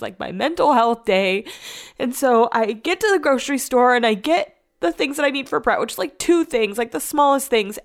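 Chatty young woman, smooth clear voice. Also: medium pitch. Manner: chatty and rambling, with constant "like" fillers. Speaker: vlogger and radio host. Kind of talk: casual storytelling vlog.

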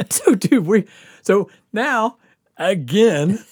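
A man's voice: high-pitched, very slow, breathy edge, no room sound, clean studio sound. A man hosting a podcast, telling a story casually with lots of laughter and acted-out quotes. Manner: animated, laughing often, acts out quotes. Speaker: podcast host.

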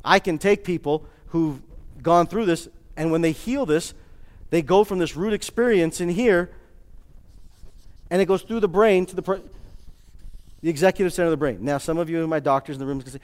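A man giving a lively motivational talk to a live audience, joking and quizzing the crowd. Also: on the high side, normal speed, long pauses. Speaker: speaker addressing a live audience. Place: large hall with an audience. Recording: long hall reverb.

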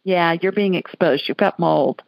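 A woman's voice: lowish voice, measured pace, creaky, no echo, muffled recording. A woman from Alabama hosting a call-in radio show, talking in a chatty, folksy way. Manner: chatty, folksy, laughs easily. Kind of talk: casual call-in chat.

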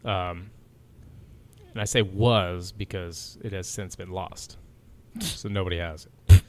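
A man's voice: low voice, fairly even intonation, slow pace, very noisy. A man hosting a podcast, reading from his notes in a loose, joking way with laughs and swearing. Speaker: podcast host. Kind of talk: casual chat, reading notes.

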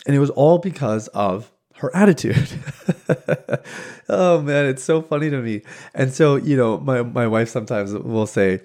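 Male podcast host, animated storyteller, mid-range pitch, restarts a lot, laughs easily. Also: normal speed. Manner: animated, acts out quoted voices, laughs easily; frequent restarts and filler words. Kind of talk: casual storytelling monologue.

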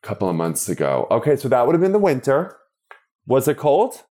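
A man from Long Island with a New York accent, an astrologer guest talking in a playful, quick-witted way. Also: medium pitch, wildly swooping pitch, dark tone. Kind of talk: casual interview chat.

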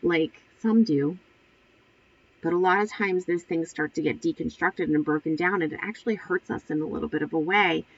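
A woman's voice: low voice, moderate pace, highs cut off, slight background noise. A woman in her forties hosting a solo podcast, talking earnestly and encouragingly in a casual, conversational way. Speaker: podcast host and spiritual coach. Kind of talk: solo motivational talk.

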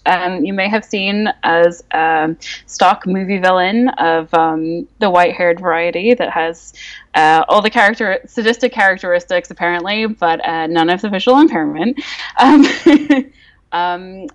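A woman in her thirties from Northern Ireland with a mixed Northern Irish accent, chatting as a podcast guest, laughing often and using lots of fillers. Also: on the low side. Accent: Northern Irish, mixed with English and Canadian. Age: 30s. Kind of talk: casual podcast chat.

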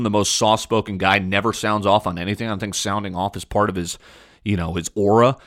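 Young man, podcast host, low voice, blunt opinionated sports chatter, lots of fillers. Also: fairly even intonation, quick pace, a bit bright. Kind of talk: casual sports talk monologue.

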